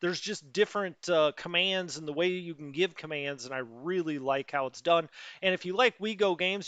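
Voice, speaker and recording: A middle-aged man with a high, bright, smooth voice talks his way through a strategy game, chatty and rambling with plenty of fillers. He greets his viewers by name. The sound is dry and a little lo-fi. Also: normal speed, no echo. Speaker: let's play host. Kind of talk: casual live gameplay commentary. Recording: dry, slightly dull lo-fi sound.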